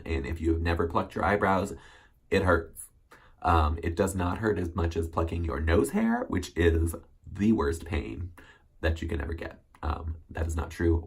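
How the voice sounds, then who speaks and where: Gravelly low-voiced man chatting casually. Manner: chatty, rambling, many ums and self-corrections. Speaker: recap host. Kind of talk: casual solo recap chat.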